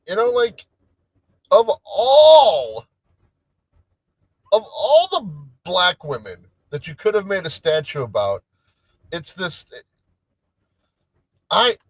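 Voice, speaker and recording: A man hosting a laid-back solo stream, rambling and restarting his sentences. His voice leaps around in pitch as he reacts. The sound is dry and close to the mic. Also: takes it slowly, pauses often, dry recording, poor audio. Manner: rambling, animated, trails off and restarts. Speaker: livestream host. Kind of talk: casual solo stream chat.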